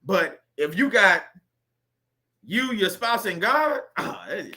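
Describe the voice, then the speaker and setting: Man, high and piercing tone, emphatic faith-based preacher. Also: big pitch swings, takes it slowly, pushed and bright. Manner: emphatic, repetitive, with rhetorical questions. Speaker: faith-based video host. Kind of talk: preachy motivational monologue.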